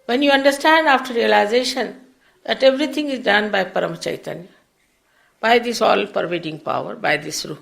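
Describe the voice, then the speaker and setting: An older woman, a spiritual teacher, giving an unhurried, explanatory public lecture with big swings in pitch and loudness. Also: creaky. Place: public program before an audience.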